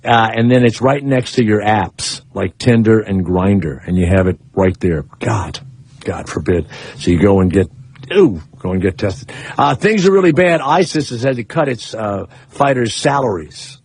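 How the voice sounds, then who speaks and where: A man's voice: fairly low pitch, moderate pace, darkish tone, husky, no room sound. A man hosting a radio show, chatting casually in a loose, rambling, crude way with plenty of fillers and restarts. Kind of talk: casual on-air banter.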